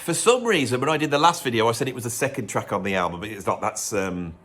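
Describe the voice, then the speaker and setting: A man's voice: medium pitch, expressive, fast, fairly bright tone. A middle-aged man, hosting a casual music vlog in a cold room at home, rambling and often breaking off mid-thought. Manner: rambling, digressive, self-interrupting. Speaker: music video host.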